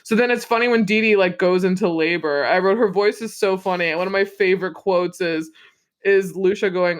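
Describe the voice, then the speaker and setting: A woman's voice: mid-range voice, brisk. A woman co-hosting a podcast, casually recapping a film in a rambling way, with lots of fillers, swearing and laughter. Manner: rambling, profane, many fillers, laughs often. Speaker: podcast co-host.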